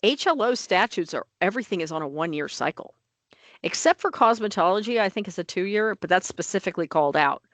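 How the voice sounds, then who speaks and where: A woman's voice: medium pitch, animated, a little fast, dry recording. A woman on licensing office staff, talking through rule changes at a board meeting in an emphatic, plain-spoken way.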